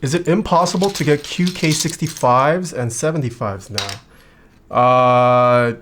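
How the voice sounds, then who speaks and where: A streamer in a relaxed livestream chat who reads viewers' questions aloud and answers them offhand. The voice often drops quiet while typing. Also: medium pitch, measured pace, noisy background.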